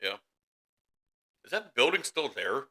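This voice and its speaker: Bright-voiced man chatting casually. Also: mid-range voice, very animated, measured pace. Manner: easygoing, loose conversational filler. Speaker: podcast co-host. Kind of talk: casual chat.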